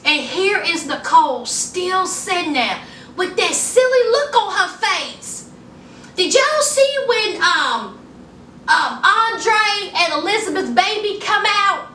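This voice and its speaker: A woman vlogger recaps a reality show in sassy, casual chat, calling her viewers y'all and honey and acting out quoted people in a higher voice. Her voice is very animated, slow, pushed, and bright. The mic sits at a distance in an echoey room, with slight background noise.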